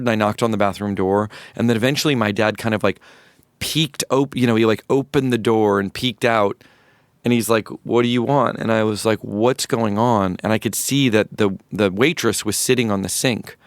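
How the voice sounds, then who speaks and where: Low-voiced man telling a candid story. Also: dry recording, studio quality. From rural North Florida, USA. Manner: reflective, halting, many restarts and fillers. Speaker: musician guest. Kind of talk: candid personal storytelling in a podcast interview.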